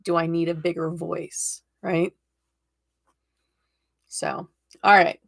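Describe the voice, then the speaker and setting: A woman reads tarot cards on a live stream, talking in a casual, encouraging way and laughing often. Her voice sits low and has a gravelly texture. The sound is dry and close, with no room echo. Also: little pitch movement, slow, a bit bright. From United States.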